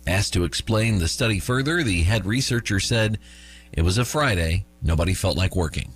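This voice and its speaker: A man's voice: lowish voice, expressive, moderate pace, breathy edge. A man in his fifties hosting a radio show, reading news items with jokes and chuckling at his own lines. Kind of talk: morning radio chat and news.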